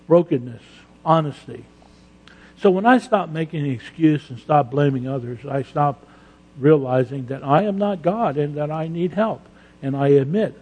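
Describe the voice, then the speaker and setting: A man's voice: fairly high pitch, measured pace, dark tone, slightly rough. A male pastor preaching a sermon emphatically, with rhetorical questions and dramatized quotes in a church sanctuary. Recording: long reverb of a large hall.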